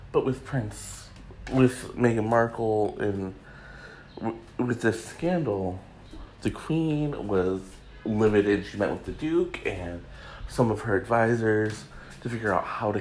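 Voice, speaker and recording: A man's voice: on the low side, a little mellow, a little hiss or hum. A man hosting a podcast alone, rambling and joking in casual chat with lots of fillers. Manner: rambling, chatty, jokey, many fillers. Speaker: podcast host.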